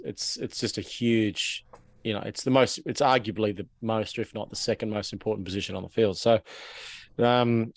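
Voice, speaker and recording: A man co-hosting a casual sports podcast, earnest and halting, with many restarts. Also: on the low side, no echo. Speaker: podcast co-host. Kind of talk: casual chat.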